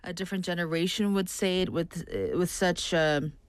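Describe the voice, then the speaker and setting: A woman co-hosting a casual chat podcast, telling stories in an animated way. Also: lowish voice, normal speed, smooth, dry recording, clean studio sound. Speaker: podcast co-host.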